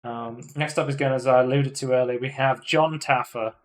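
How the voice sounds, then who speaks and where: A man hosting a casual podcast, chatting in an animated way and swearing often. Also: medium pitch, a little fast. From United Kingdom. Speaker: podcast host. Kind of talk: casual chat.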